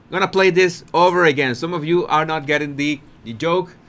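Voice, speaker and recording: A man's voice: a little high, fairly quick, hardly any pauses. A man giving casual commentary on a video clip, repeating words and restarting often. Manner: repetitive, restarts often, animated with laughter.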